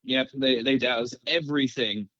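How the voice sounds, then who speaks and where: A man co-hosting a podcast, adding to an improvised comedy plot in a deadpan, halting way. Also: mid-range voice, dry recording, dull audio. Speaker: podcast co-host.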